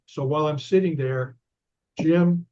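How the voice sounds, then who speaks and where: A man's voice: medium pitch, moderate pace. An older man, an author and investigator, telling a story conversationally as an interview guest. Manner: animated anecdote-telling, recounting dialogue. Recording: dull lo-fi audio.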